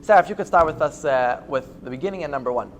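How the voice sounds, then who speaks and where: High-voiced rabbi teaching with halting fillers. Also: male voice, lively intonation, a little hiss or hum. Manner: halting, many fillers and restarts. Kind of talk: informal Torah class with jokes.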